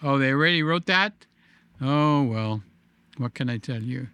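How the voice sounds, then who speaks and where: Man, live-stream host, slow unhurried delivery, smooth clear voice, playful teasing, sing-song. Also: mid-range voice, sharp tone, dry recording. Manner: sing-song, drawn-out emphasis. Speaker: YouTube host reading viewer comments. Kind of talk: casual live-stream chat.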